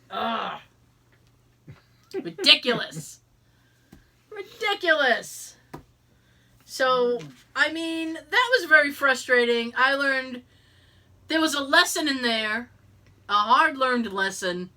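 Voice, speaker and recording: A woman spins a story in casual podcast chat. Her voice sits a little high and bright, and it leaps around in pitch as she goes. She is exasperated and jokey, and she swears freely. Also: animated, slow, long pauses. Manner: jokey, contradicts herself for laughs. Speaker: podcast co-host.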